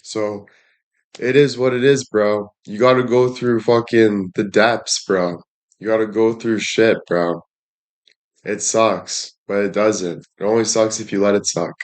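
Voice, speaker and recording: A man's voice: lowish voice, fairly even intonation, unhurried. A man livestreaming and addressing his chat in a heated rant, frustrated, swearing often and repeating himself.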